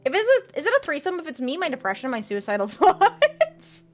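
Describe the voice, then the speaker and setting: A woman's voice: high voice, wildly swooping pitch, fairly quick, faint music behind. A young woman streaming a game live, chatting and joking with her viewers and reading tarot cards aloud. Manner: giggly, jokey, reads chat and tarot cards aloud. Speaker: VTuber streamer.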